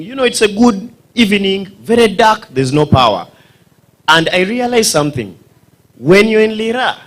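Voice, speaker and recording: A man's voice: fairly high pitch, a bit bright. A man with a Ugandan accent, doing stand-up comedy storytelling at a dinner event, acting out voices and sound effects and quizzing the audience. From northern Uganda.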